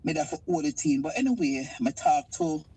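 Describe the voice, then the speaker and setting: A Jamaican woman calls in to a live show with a husky, breathy voice. She talks in an emotional, halting way, stuttering through her story over a line with faint noise behind her. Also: low-pitched, lively intonation, warm tone, rough recording. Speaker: caller. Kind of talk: call-in testimony.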